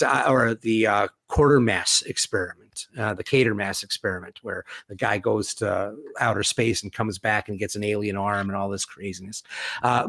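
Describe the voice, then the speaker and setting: A man's voice: lowish voice, gravelly, fairly bright tone, dry recording, clean studio sound. A man talking as a guest in a conversation, retelling film scenes with vivid storytelling and acted-out quotes. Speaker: guest, horror author.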